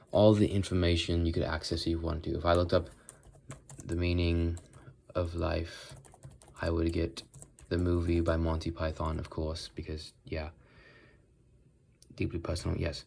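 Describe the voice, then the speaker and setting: A man's voice: low-pitched, little pitch movement, normal speed, creaky, darkish tone. A teenage boy in a casual walk-and-talk vlog, rambling and thinking aloud as he walks, often breaking off mid-thought. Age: teens. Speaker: vlogger. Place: walking, talking on the move.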